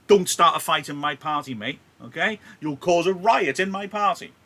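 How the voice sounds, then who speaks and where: A man voicing an angry older party host who shouts down a hotheaded young guest. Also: fairly high pitch, fairly even intonation, unhurried, voice pushed up. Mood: angry scolding. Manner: shouting, blustering, bossy.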